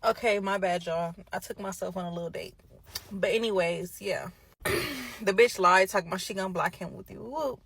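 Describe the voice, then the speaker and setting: A woman's voice: medium pitch, steady tone, a little fast, gravelly, fairly bright tone, slight background noise, poor audio. A young woman telling a story in casual storytime chat, with a blunt, profane, gossipy manner.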